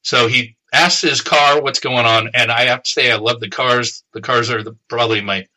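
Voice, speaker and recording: A man co-hosting a podcast, casually retelling a novel's plot with profanity and quick voiced quotes. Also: medium pitch, steady tone, sharp tone, poor audio. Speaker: podcast co-host summarizing the book. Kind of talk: casual chat.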